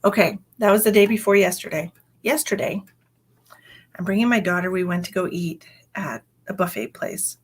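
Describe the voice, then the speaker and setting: A woman's voice: fairly low pitch, normal speed, husky. A woman in her forties, a psychic medium, telling a story in a chatty way on a livestream and often saying "you know". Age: 40s.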